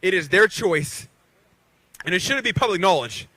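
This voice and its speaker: This thirtysomething professional boxer from Beaver County, western Pennsylvania, rouses a crowd with call-and-response at a rally. His voice sits high, with lively intonation, a pushed, bright quality, and normal speed, and there's no echo.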